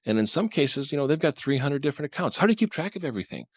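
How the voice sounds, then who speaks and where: A man's voice: on the high side, sing-song, very fast, dry recording, studio quality. A man co-hosting a podcast in casual discussion, talking animatedly, chuckling often and acting out imagined dialogue. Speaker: podcast co-host.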